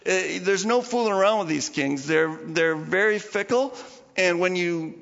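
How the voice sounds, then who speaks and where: A man's voice: high voice, measured pace, gravelly, fairly bright tone. A man preaching a sermon as pastor, chatty and informal, with laughing asides to the congregation. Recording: muffled sound with long hall reverb.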